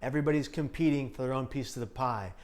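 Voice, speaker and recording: A man's voice: mid-range voice, fast. Earnest man interviewer. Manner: earnest, speaks with conviction about collaboration. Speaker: interviewer and documentary maker. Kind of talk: casual conversational interview.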